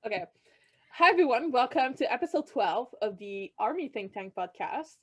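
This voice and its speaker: A woman's voice: mid-range voice, lively intonation, moderate pace, a little mellow, husky. A woman co-hosting a podcast in casual chat, giggly and a little rambling. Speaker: podcast co-host. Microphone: video call.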